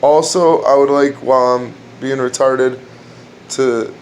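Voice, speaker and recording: A man trying out crude stand-up jokes at home, rambling, restarting lines and laughing at his own punchlines in a dark room. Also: mid-range voice, fairly even intonation, measured pace, a little hiss or hum. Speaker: amateur comedian trying out jokes. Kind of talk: casual joke-telling at home.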